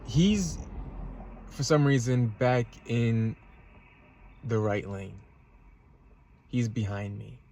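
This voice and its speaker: A man's voice: medium pitch, very slow, long pauses, warm tone, a little hiss or hum. A man telling a road-rage story in a casual, agitated rant from his parked car, swearing and repeating himself. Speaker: vlogger. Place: parked car in a parking lot.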